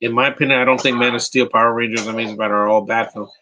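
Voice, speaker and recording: Opinionated man from New York, bright voice. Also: mid-range voice, fairly even intonation, racing, poor audio. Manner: opinionated and rambling, with frequent restarts. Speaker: podcast host. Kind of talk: live movie commentary, answering chat questions.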